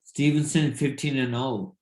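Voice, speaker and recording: A man co-hosting a casual sports podcast, a former boxer who talks in halting bursts with many fillers and restarts. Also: medium pitch, fairly even intonation, darkish tone, echoey room, slight background noise.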